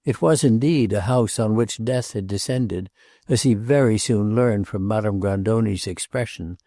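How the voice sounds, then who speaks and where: A man narrates a classic novel in a measured, even style. His voice is mellow and gravelly. The recording is close and dry. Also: fairly low pitch, no room sound. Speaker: audiobook narrator. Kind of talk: scripted literary narration.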